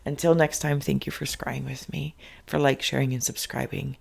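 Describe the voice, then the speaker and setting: A spirit reader hosting an inkblot reading, with a gravelly, fry-edged voice at an ordinary middle pitch. The talk wanders in loose, repeated phrases and turns emotional, often sinking into soft half-whispers. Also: flat delivery, normal speed. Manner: loose, repetitive phrasing with many fillers. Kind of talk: channeled spirit reading, spoken freely.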